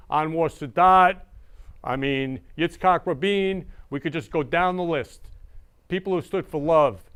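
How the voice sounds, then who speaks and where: A man's voice: a little high, clear, resonant tone. A male show host talking in an effusive casual monologue, repeating loving phrases over and over.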